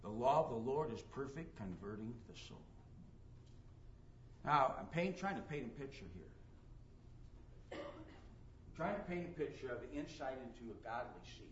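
A man's voice: medium pitch, lively intonation, moderate pace, pauses often, lo-fi sound, a little hiss or hum. A man preaching a sermon emphatically, reading scripture aloud and acting out the people in his stories. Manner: emphatic preaching, reads scripture aloud, acts out quoted dialogue.

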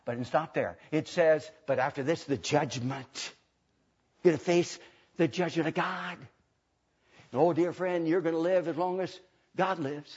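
Male preacher, husky high voice, dramatic sermon from hush to shout, dull lo-fi sound. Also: normal speed. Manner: swings from hushed to shouting, dramatic emphasis. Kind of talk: fiery sermon. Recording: dull lo-fi recording.

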